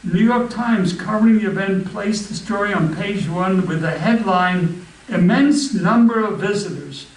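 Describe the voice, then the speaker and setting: A man giving a slow, deliberate reading of a famous speech and then a history talk, stumbling and restarting now and then. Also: high-pitched. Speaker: history club speaker. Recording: roomy, distant mic with faint background ambience.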